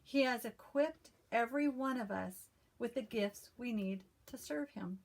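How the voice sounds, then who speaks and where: A woman with a slightly high, calm and soothing voice chats to her viewers in a relaxed vlog. She talks in a loose, friendly way, restarting her sentences and filling pauses, then settles into reading a short devotional aloud. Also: vocal fry. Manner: chatty, with frequent restarts and fillers. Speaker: cross-stitch video host. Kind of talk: casual chat and devotional reading.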